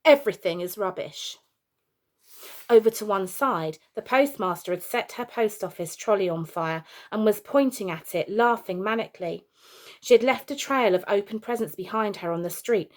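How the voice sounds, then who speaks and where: A woman, a teacher, reading a chapter of a children's storybook aloud in a plain, steady way, with the odd small slip and restart. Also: medium pitch.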